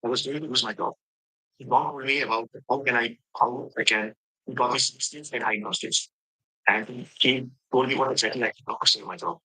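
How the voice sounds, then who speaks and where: Testimonial from a man with an Indian accent: quick, husky, bright, halting and full of fillers. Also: medium pitch, steady tone, low-quality recording. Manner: halting, with many fillers and restarts. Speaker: coaching client giving a testimonial. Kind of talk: recorded testimonial.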